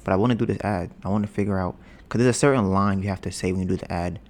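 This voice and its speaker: A young man hosting a casual home podcast, rambling and joking, bragging about his smooth steady voice. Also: low-pitched, racing. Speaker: podcast host. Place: home, storm outside. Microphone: podcast mic with headphones.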